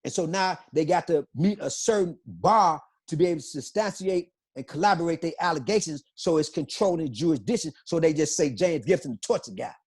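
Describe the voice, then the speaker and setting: A man's voice: fairly high pitch, lively intonation, brisk, few pauses, a little mellow, breathy edge. A middle-aged man, a guest on an interview podcast, telling his story in an emphatic, repetitive, impassioned way.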